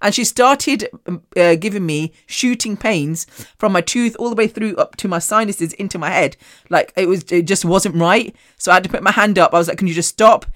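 A woman hosting a podcast, telling a story in a loud, animated and sweary way. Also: mid-range voice, moderate pace, no room sound, studio quality. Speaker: podcast host. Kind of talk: casual storytelling monologue.

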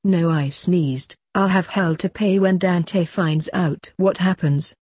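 A woman's voice: lowish voice, slow pace, a little mellow, husky, dry recording. Grumpy ancient doctor, read by a woman. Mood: grumbling. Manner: grumbling and weary.

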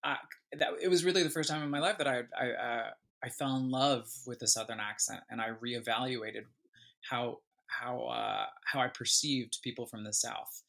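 A man being interviewed as a guest musician, an animated and thoughtful talker who often restarts his sentences. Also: medium pitch, normal speed, creaky. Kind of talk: casual interview chat.

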